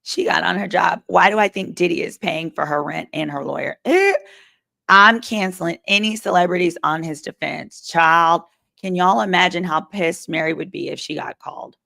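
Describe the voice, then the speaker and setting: A woman's voice: fairly low pitch, moderate pace, vocal fry, bright, forceful tone. A woman lawyer hosting a live stream, reading chat comments and giving sassy, chatty legal commentary.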